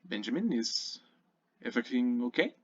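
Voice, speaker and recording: Man playing a soft-spoken half-orc father and town leader, gentle, reassuring, lively pitch, muffled lo-fi audio. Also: moderate pace. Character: warm fatherly half-orc male burgomaster. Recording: muffled lo-fi recording.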